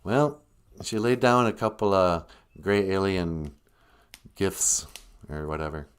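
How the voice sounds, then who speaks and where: A man's voice: low-pitched, expressive, slow pace, clean tone. A man hosting a casual language livestream, chatting in a rambling, joking way.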